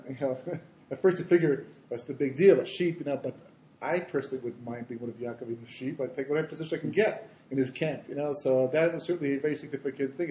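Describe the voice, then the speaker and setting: A man rabbi giving a Torah lecture in an animated storytelling way, full of asides. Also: fairly high pitch. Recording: roomy echo.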